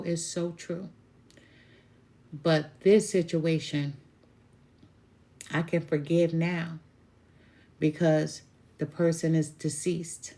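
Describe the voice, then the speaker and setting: Woman, middle-aged, tarot reader, lowish voice, gravelly, unhurried, blunt casual chat. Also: little pitch movement, mellow. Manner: blunt, candid, laughing asides. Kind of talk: casual spiritual chat to viewers.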